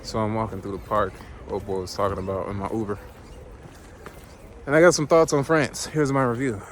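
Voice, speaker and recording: A man's voice: lowish voice, fairly quick, slight background noise. A man talking casually to his camera while traveling, loose and profane, tossing out joking asides. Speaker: vlogger. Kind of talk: casual vlog talk.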